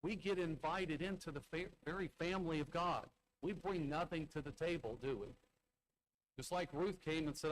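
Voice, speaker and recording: A man's voice: a little high, moderate pace, slight background noise, low-quality recording. A man, a church elder, preaching a sermon conversationally, asking the congregation rhetorical questions and acting out the characters' lines as he retells a Bible story. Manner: conversational, asks listeners rhetorical tag questions; acts out the characters' quoted lines in Bible stories.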